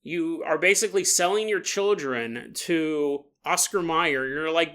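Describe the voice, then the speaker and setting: A man's voice: on the high side, measured pace, hardly any pauses, clear, resonant tone. A man hosting a podcast, telling a comic interactive story with frequent laughs and acted-out asides. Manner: animated, laughs often, acts out bits. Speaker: podcast host.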